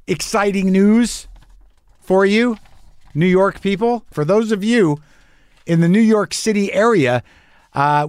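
A middle-aged man hosting a podcast, in a rambling, wry monologue with halting restarts. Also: fairly high pitch, no room sound, clean studio sound. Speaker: podcast host. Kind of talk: casual monologue.

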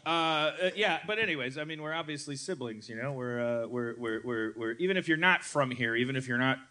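A man's voice: mid-range voice, expressive, brisk, sharp tone. A man hosting a live comedy show, rambling and stammering with laughs mid-sentence. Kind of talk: live comedy stage banter.

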